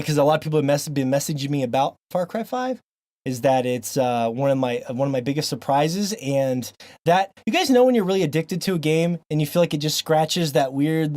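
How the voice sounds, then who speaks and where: A man from Montana hosting a gaming podcast, rambling excitedly with crude jokes and lots of fillers. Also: fairly high pitch, no room sound. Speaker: podcast host. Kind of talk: casual gaming podcast banter.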